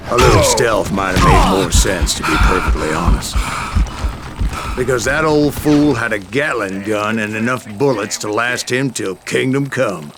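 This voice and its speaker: An actor playing an older, boastful bounty hunter who narrates tall tales in a drawling video game voice. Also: male voice, fairly low pitch, animated, unhurried, over loud music. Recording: noisy game audio.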